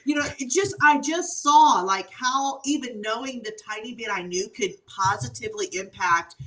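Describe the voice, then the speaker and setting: A woman consultant, a guest on the show, telling stories in an animated, exclamatory way and laughing often. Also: a little high, moderate pace, recorded from a distance, slight background noise, rough recording. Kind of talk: storytelling interview answers.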